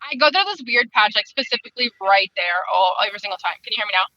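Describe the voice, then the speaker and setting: A woman's voice: medium pitch, animated, racing, pushed and bright, dry recording, lo-fi sound. Heated, swearing woman on a video call. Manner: heated, profane, rambling venting. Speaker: book club member. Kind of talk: casual chat.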